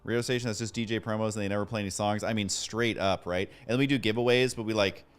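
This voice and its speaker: Guy streaming games, chatty and excitable, kinda low voice, faint music behind. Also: quick pace, clear, resonant tone. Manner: excitable, self-deprecating, thanks viewers by name. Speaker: game streamer. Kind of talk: casual livestream chat.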